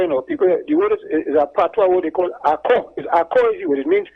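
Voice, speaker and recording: Over a tinny phone line, a man calls into a talk show for a casual chat. His voice is high, quick, and a little breathy, and he rambles and repeats himself while telling stories.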